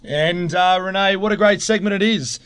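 A man's voice: high-pitched, normal speed, a bit bright, smooth, rough recording. A man with an Australian accent co-hosting a sports podcast, joking crudely and swearing freely. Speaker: podcast co-host. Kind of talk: casual chat.

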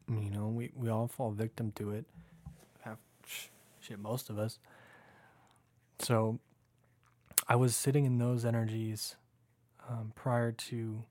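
Low, even-toned man confiding softly. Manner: earnest, confessional, drifts into soft near-whispers. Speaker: podcast host. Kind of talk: reflective spiritual monologue.

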